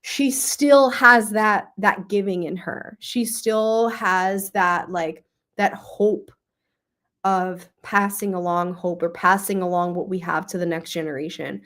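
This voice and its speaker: A young woman hosting a book club, talking casually and emotionally about a novel, with many fillers and pauses to think. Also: medium pitch, fairly even intonation, a bit bright. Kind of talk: casual book review livestream.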